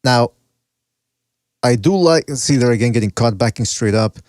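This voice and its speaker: This boxing podcast host talks at a moderate pace in a mid-range, animated voice, recorded dry with studio quality. He keeps things loose and brash, cursing often, giving shout-outs, and narrating fight clips for his viewers in casual chat.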